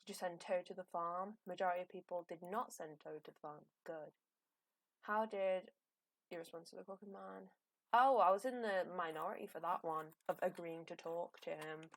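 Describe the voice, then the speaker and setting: A woman's voice: lowish voice, steady tone, normal speed. A young woman, chatting and rambling with a giggle while she streams a game. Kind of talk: casual live game commentary.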